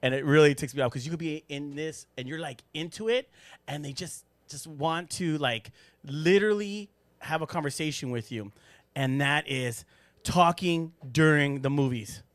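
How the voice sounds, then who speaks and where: A man hosting a casual podcast chat in a studio, animated and joking, laughing often. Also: fairly high pitch, moderate pace, no echo. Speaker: podcast host.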